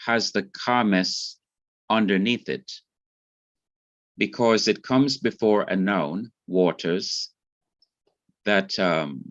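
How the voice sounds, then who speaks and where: A man teaches an online Hebrew class in a slow, careful voice, pausing and restarting as he explains rules. His lowish voice comes through dry and a little dull, as over a video call. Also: a bit bright, no echo.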